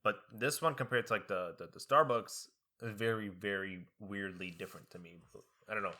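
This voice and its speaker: Young man, podcast co-host, laid-back casual chat, low pitch, bright tone. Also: brisk.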